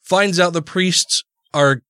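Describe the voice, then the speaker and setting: A man's voice: high-pitched, slow, a bit bright, no room sound. Laughing, close-miked podcast host man. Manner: laughs often, swears casually. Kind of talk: casual podcast chat.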